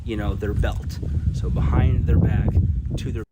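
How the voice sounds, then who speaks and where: A man's voice: on the low side, steady tone, unhurried. A man, a police officer, explaining casually while thinking aloud. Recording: clear ambient noise.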